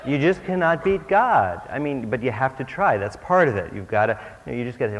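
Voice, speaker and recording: A man's voice: medium pitch, sing-song, fairly quick, few pauses. A man giving a humorous workshop talk as a spiritual teacher on stage, full of self-mocking asides. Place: stage before an audience. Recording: dull old recording, long hall reverb, faint hiss.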